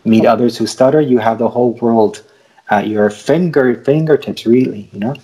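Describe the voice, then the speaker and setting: A man's voice: medium pitch, normal speed, mellow, breathy edge, low-quality recording. A man who stutters, speaking as a guest in a casual video-call interview and laughing often. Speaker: guest cartoonist and podcaster.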